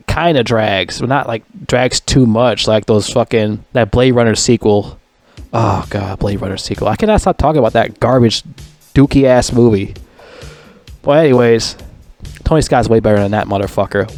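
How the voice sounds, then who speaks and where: A man's voice: mid-range voice, darkish tone, no room sound. A man giving a casual, rambling movie review, ranting and swearing a lot and repeating himself. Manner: profane, ranting, repetitive.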